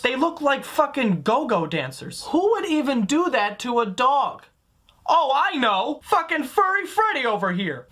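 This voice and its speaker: A man's voice: very high-pitched, fairly bright tone. A man doing a comedic roast voice-over, profane, sarcastic and mocking. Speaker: comedy commentator.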